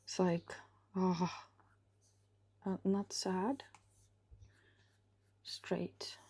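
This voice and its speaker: Slow, husky woman musing while drawing. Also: on the low side, level tone, warm tone. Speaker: illustrator. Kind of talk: live drawing session commentary.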